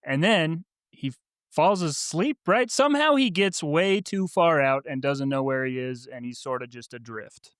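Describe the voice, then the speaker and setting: A man with a smooth, clear voice calmly retelling a story in casual podcast chat. He is easygoing and quick to laugh. The sound is dry and up close. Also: a little high, no room sound. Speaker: book podcast co-host. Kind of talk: casual chat, recapping the plot.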